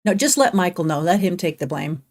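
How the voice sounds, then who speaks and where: A woman's voice: lowish voice, expressive, brisk, darkish tone. A middle-aged woman chatting casually while streaming a game, laughing often and reading chat aloud. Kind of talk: casual gameplay livestream chat.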